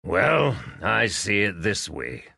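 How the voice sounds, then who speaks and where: A man voicing a big, gruff middle-aged farmer who speaks bluntly and defiantly. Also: on the low side, big pitch swings, slow, bright, forceful tone, no echo, studio quality, heavily acted.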